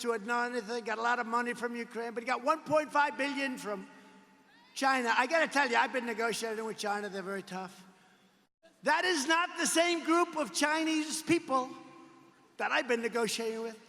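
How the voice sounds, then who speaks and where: In a reverberant arena hall, a man with a very high, bright, forceful voice gives a political rally speech that is emphatic, repetitive and digressive.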